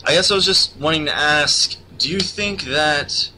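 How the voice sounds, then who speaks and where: A man calls in with a question, rambling and hesitant. His voice is bright and forceful. A faint noise runs behind him. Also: on the high side, measured pace, rough recording. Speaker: caller asking a question.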